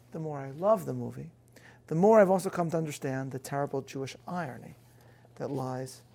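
Man giving a talk to an audience, slightly high voice, lots of gravel, earnest and emphatic. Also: a little mellow. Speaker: speaker giving a talk on faith.

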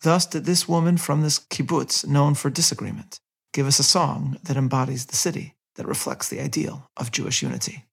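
A man hosting a podcast, reading a measured scripted narration and quoting passages aloud. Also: medium pitch, lively intonation, gravelly, slightly rough. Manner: measured, reads quotes aloud with light character inflection. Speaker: podcast host.

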